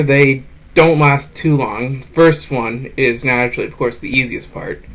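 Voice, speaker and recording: A man gives voice-over commentary on a video game in a relaxed, conversational way. His pitch sits in an ordinary middle range. He talks frankly and lets a curse slip when the game gets to him. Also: poor audio. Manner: casual, frank, swears when frustrated. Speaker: game reviewer host.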